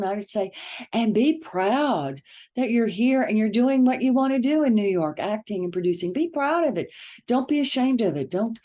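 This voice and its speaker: A woman's voice: a little high, warm tone. Woman, podcast guest, casual interview, frequent laughter, emphatic repetition. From United States. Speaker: author and guest.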